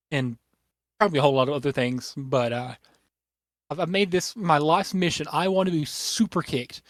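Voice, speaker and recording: A young man hosting a casual podcast, rambling excitedly with lots of fillers and restarts, his voice a little worn. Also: a little high, no room sound, studio quality. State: losing his voice. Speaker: podcast host.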